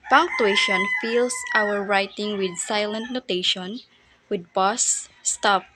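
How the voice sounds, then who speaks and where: A woman with a Filipino accent teaching a grammar lesson, reading aloud slowly with fillers and restarts. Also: medium pitch, heavy background noise. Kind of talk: classroom lesson.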